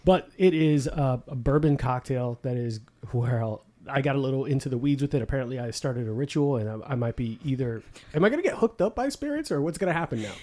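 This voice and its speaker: A man's voice: medium pitch, animated, quick pace, warm tone. A man hosting a casual podcast, talking with guests and laughing often. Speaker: podcast host. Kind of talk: casual chat.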